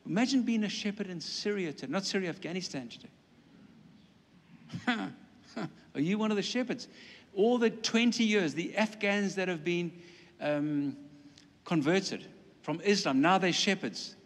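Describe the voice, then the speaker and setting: A fairly high-voiced man delivers a sermon with lively, animated energy. He slips into playful asides and acts out the voices he quotes. His voice rings with a long hall reverb, as if from the front of a large church. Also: moderate pace, pauses often. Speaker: preacher.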